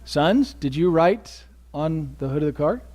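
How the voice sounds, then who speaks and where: A man preaching from the pulpit in a sermon, his voice sitting a little high for a man. He swings between near-whispered asides and loud, climbing emphasis. He keeps asking his listeners questions and pausing for answers. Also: animated. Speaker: pastor. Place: church sanctuary.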